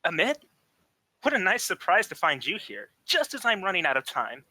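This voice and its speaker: A man's voice: sits high, big pitch swings, moderate pace, sharp tone, no room sound, exaggerated voice. A man voicing a polite, fretful flying hero with a genteel, courteous way of talking.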